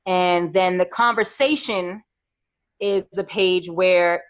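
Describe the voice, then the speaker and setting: A woman in her thirties from New York, a podcast guest telling stories in a lively, casual way and acting out her friends' voices. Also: lowish voice, slow, highs cut off. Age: 30s. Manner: animated storyteller, acts out friends' voices. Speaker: podcast guest, makeup artist.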